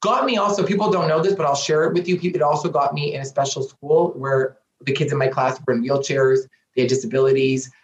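A man talks as an interview guest in an earnest, emphatic way, circling back to the same phrases for weight. His voice sits at an ordinary pitch. The recording sounds roomy and slightly dull, like a lo-fi room mic. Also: steady tone, brisk, few pauses. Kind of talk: candid interview talk.

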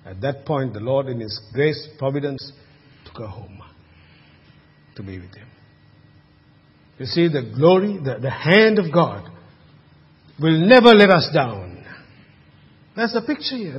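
A man delivers a sermon in a slightly raised, husky voice. He drops to near-hushed tones and then builds to loud, emphatic calls. The sound is lo-fi, with a long hall reverb trailing after him. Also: fairly high pitch. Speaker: preacher.

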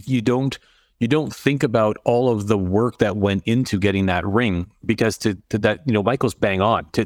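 Male host, low voice, enthusiastic, video call, dry sound. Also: dry recording. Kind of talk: hosting an online interview.

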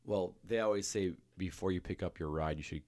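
A man co-hosting a casual podcast, cracking deadpan jokes and side comments. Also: sits low, a little fast, dry recording. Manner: joking, deadpan asides. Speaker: podcast co-host. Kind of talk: casual chat.

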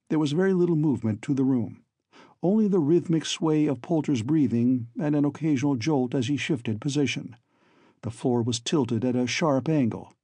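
A man narrating a story in the first person as an audiobook reader, in a measured, steady storytelling manner. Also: medium pitch, slightly rough, dry recording.

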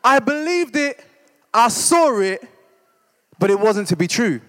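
High-voiced man preaching. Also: sing-song, measured pace, a bit bright, long reverb tail. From East End of London. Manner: conversational, self-deprecating, keeps asking "right?". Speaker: church discipleship leader. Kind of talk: humorous storytelling sermon.

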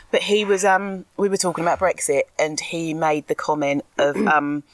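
A woman's voice: deep voice, fairly even intonation, a little slow, no echo. A woman in casual podcast chat, speaking candidly and animatedly, laughing often and admitting she can be ranty. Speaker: podcast co-host, school anti-racism educator.

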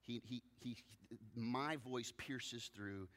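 A man preaching a sermon as pastor, telling stories with lively swings between loud bursts and soft low asides. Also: slow pace, big-room sound.

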